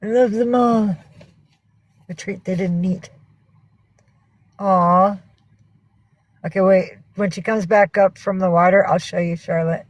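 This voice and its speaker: In a dry, rough recording, a woman with a medium-pitched, steady voice takes it slowly, with long pauses. She hosts a casual livestream from home, rambling and swearing as she greets viewers and coaxes her cats.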